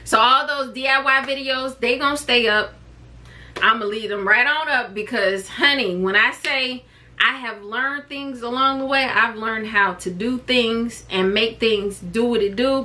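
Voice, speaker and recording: This female vlogger, a mother, talks expressively to camera about something from her own life, drifting into tangents as she chats. Her voice is medium in pitch.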